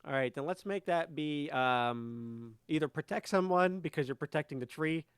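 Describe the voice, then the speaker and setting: A man's voice: a little high, moderate pace, smooth, no echo, studio quality. A man running a tabletop game as game master, narrating loosely with lots of fillers and frequent laughter.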